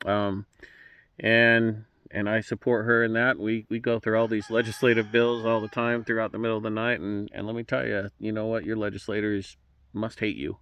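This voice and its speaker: A man's voice: fairly low pitch, level tone, moderate pace, a bit bright, dry recording. An emotional man speaking as a political candidate, folksy and fervent, often repeating words as he restarts. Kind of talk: direct-to-camera campaign address.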